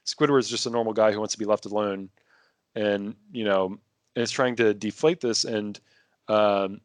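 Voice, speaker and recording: A man's voice: fairly low pitch, dry recording, clean studio sound. A man talking casually as a podcast guest, rambling with many restarts and fillers. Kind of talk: casual conversation.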